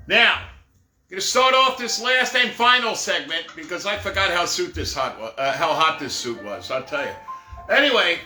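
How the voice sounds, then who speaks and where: A middle-aged man with a high, animated, sharp-toned voice tells rambling, jokey stories at a moderate pace on a live stream, laughing at his own jokes. The room is echoey, with faint music in the background.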